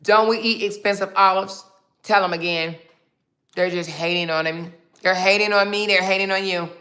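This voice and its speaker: A woman's voice: mid-range voice, fairly even intonation, normal speed, bright, forceful tone. A woman hosting a casual livestream who reads out viewer comments, snacks as she talks, and answers back in a sassy, mocking way. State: snacking while talking. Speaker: livestream host.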